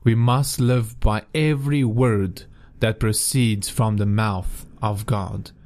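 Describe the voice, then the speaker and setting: A man's voice: on the low side, steady tone, slow pace, a little mellow. A man delivering a devotional sermon in an earnest way, often repeating and restarting his phrases. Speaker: devotional speaker.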